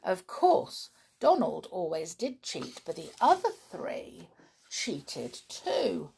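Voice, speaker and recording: A woman reading a children's storybook aloud in an expressive way with confiding asides. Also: on the low side, slow, vocal fry, a little hiss or hum.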